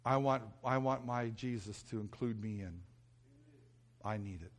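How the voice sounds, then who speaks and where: A male pastor preaching earnestly and telling a personal story, often dropping to a soft, hushed voice and repeating himself when moved. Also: lowish voice, measured pace. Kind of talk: sermon.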